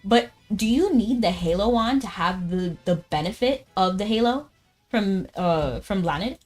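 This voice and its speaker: A woman game streamer chatting casually as she plays, talking fast, laughing often and saying "like" a lot. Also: medium pitch, lively intonation, darkish tone, faint music behind. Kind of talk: casual live-stream chat while gaming.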